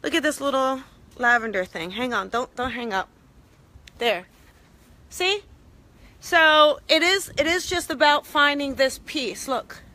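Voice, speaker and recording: A woman's voice: sits high, unhurried, pauses often, pushed and bright. A woman hosting a casual live stream, chatting upbeat with viewers while she walks from her home out to her backyard garden. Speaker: host.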